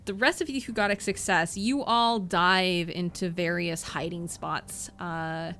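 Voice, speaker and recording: A woman's voice: lowish voice, fairly even intonation, unhurried, bright, forceful tone. A woman narrating a tabletop game as game master, rambling through her descriptions with many fillers.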